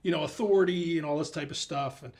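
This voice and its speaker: A man's voice: fairly high pitch, fast talker, a little mellow. A man, a guest on a show, telling a long story in a loose, rambling way. He acts out bits of dialogue as he goes. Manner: rambling, with many restarts and fillers. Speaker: guest, small business founder. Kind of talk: casual storytelling in conversation.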